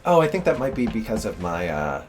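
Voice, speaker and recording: A man's voice: fairly low pitch, sing-song, brisk, faint music behind. A man developer thinking aloud while testing his game on a live stream, often laughing. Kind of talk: casual live-stream commentary while playing.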